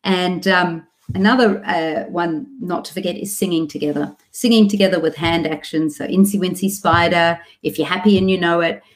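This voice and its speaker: A middle-aged Australian woman, a speech therapist, giving parents a clear, practical talk with the odd demonstration voice. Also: sits low.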